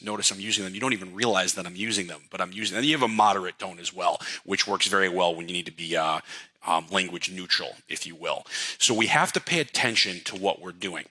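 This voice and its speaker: A middle-aged man coaching real estate agents in a casual talk, animated and checking that listeners follow along. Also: lowish voice, rough recording. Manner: animated, demonstrates voice upswings and downswings, asks the audience to follow.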